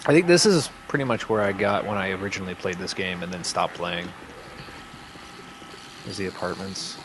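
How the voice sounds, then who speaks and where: A man's voice: low-pitched, moderate pace, background noise. A man hosting a casual gameplay chat, reacting to the game in a laid-back way. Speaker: host playing a video game.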